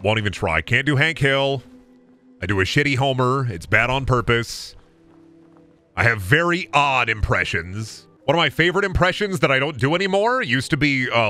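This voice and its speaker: A man's voice: medium pitch, bright, forceful tone. A young man streaming a game, chatting casually in a joking, profane, self-mocking way. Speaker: gaming streamer. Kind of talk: casual live-stream chat.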